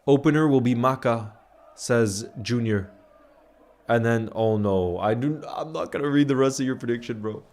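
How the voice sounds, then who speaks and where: A man's voice: medium pitch, normal speed. Laid-back man hosting a match stream. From grew up largely in New York. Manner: laid-back and chummy, calling viewers "bro" and giving shout-outs. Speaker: livestream host of a match watch-along. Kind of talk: casual live watch-along chat, reading out viewer messages.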